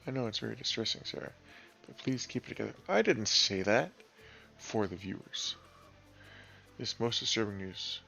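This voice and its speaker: A man's voice: on the low side, fairly quick, gravelly, long pauses, sharp tone, faint music behind, exaggerated voice. A man voicing a theatrical male TV news reporter who delivers gossip as if it were a tragedy. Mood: melodramatic. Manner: overwrought, theatrical.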